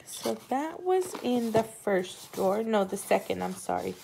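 A woman hosting a casual unboxing chat from her home craft room. She gushes excitedly, often gasps, and keeps calling viewers "you guys.". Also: medium pitch, unhurried, creaky, background noise. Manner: gushing and excitable, often gasping. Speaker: crafting channel host.

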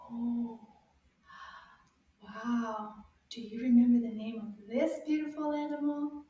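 A woman teaching French to young children, cheerful and encouraging, sounding out each word in a slow, exaggerated way for them to repeat. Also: a little high, steady tone, lo-fi sound, a little hiss or hum. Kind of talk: children's language lesson. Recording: very echoey room, mic far off.

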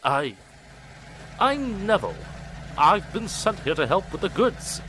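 A man voicing Neville, a shy, timid goods engine who speaks quietly and sadly. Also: high voice, very animated, unhurried, a little hiss or hum, voice pushed up, full character voice. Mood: nervous. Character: shy, sad awkward-looking male goods engine.

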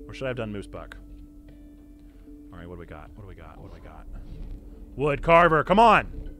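A pastor giving excitable live-streamed gameplay commentary, now and then bursting into loud cheers. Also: male voice, a little high, fairly quick, long pauses, soft background music. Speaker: pastor streaming a video game.

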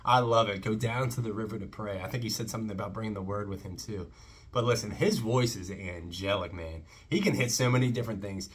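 A man's voice: lowish voice, a little fast, breathy edge. A man hosting a casual faith-based music reaction, talking with enthusiasm and breaking into short preaching asides. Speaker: reaction channel host.

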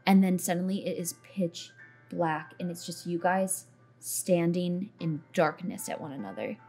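A woman's voice: lowish voice, a little slow, mellow, soft background music. A woman narrating a tabletop role-playing game as dungeon master, describing scenes in a loose, meandering way with fillers.

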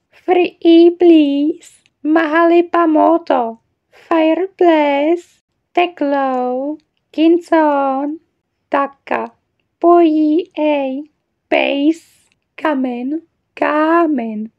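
A high-pitched woman speaking English as a learner, unhurried and chatty, with a self-deprecating laugh at the words she reads. The recording sounds dull and lo-fi. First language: not English. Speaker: video creator. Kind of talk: reading out a word list.

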